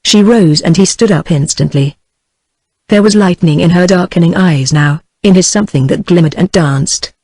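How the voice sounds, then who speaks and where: A text-to-speech woman with a British accent narrating a novel in an even, synthetic manner. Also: fairly low pitch, moderate pace, husky, no room sound. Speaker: audiobook narrator. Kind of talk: scripted narration.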